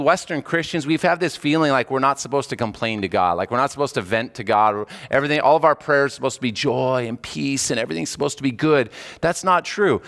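A man preaching a sermon in a conversational, expressive way, acting out quotes as he goes. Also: on the high side. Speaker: pastor. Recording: echoey hall reverb.

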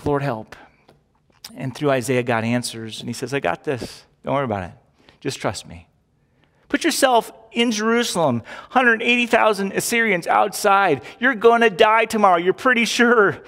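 A man's voice: on the high side, a bit bright. A man preaching a sermon as pastor, talking in a conversational, jokey way with emphatic rises. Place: church sanctuary. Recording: long hall reverb from a church.

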